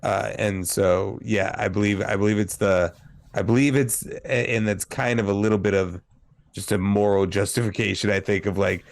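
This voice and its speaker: A man's voice: fairly low pitch, steady tone, normal speed, vocal fry. A man in a casual film review chat who talks hesitantly, restarting his sentences and laughing along. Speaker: podcast co-host.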